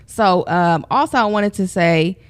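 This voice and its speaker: A woman's voice: fairly low pitch, measured pace. Upbeat woman coach talking to listeners. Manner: upbeat, addresses listeners directly, affirming interjections. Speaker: host and business coach. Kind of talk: motivational podcast talk.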